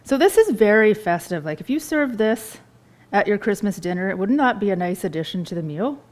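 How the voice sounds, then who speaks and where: A woman's voice: mid-range voice, lively intonation, normal speed, a little mellow. Chatty woman chef tasting food. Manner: chatty and enthusiastic, talks while tasting food. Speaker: chef doing a cooking demonstration. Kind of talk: live cooking demonstration. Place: store kitchen.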